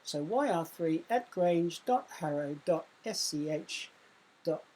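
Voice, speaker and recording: A woman's voice: fairly low pitch, expressive, takes it slowly, darkish tone, rough recording. A woman teacher with a British accent, giving a recorded lesson to young pupils and explaining spelling rules step by step, spelling out letters. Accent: British English. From England. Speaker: primary school teacher.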